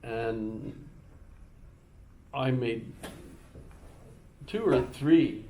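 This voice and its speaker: A man's voice: mid-range voice, drawn-out words, warm tone, slight background noise. A male instructor chatting casually with his class, rambling through an anecdote with many restarts and repeated words, and fond of puns.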